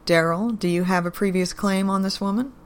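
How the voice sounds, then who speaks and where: A woman voicing a calm, measured male gang leader who speaks in an even, slow, reasoning drawl. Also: mid-range voice, lightly acted.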